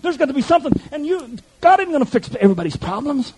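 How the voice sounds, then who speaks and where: A man's voice: very high voice, big pitch swings, fast, darkish tone, rough recording. A male pastor preaching an impassioned sermon, speaking directly to his congregation.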